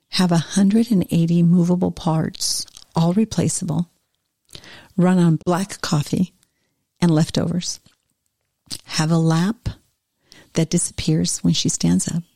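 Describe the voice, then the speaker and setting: Lady reading god, proud and tireless, slow and soft, kinda husky. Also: on the low side, fairly even intonation, no echo, exaggerated voice. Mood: earnest.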